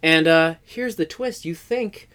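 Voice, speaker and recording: A man's voice: fairly high pitch, unhurried, sharp tone, clear, resonant tone. A young man casually telling a comic story, rambling, swearing and laughing as he goes. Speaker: podcast co-host telling a story.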